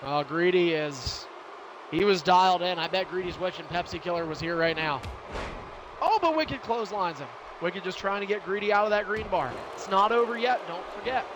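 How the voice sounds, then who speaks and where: A man doing excitable live play-by-play commentary of a video game wrestling match, shouting at big moves and joking between calls. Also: sits high, background noise.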